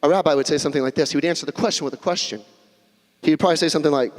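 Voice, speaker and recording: A young male pastor with a slightly high voice talks very fast, giving a casual, conversational sermon in a church sanctuary. He throws in joking asides and acts out little quotes, and the recording carries long hall reverb.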